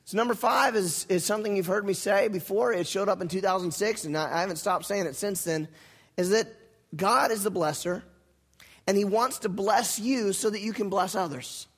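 A pastor with a high voice preaches in a folksy, lively way, repeating his key phrases and tossing in asides. The sound rings with a long reverb, as in a big hall. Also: moderate pace, slightly rough. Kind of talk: sermon. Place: church sanctuary.

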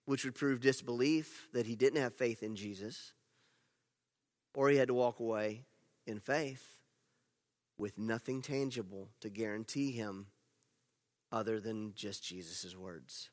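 A man preaching a sermon as pastor, telling the story with animated swings between loud emphasis and hushed asides. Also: on the low side, measured pace, long pauses. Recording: long reverb of a large hall.

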